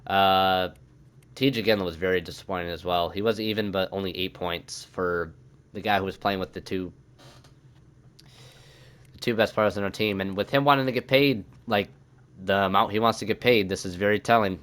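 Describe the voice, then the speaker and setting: A man's voice: sits low, steady tone, normal speed, fairly bright tone, clean tone. A young man commenting on his own hockey video game season, thinking aloud and swearing when things go wrong. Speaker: gaming YouTuber.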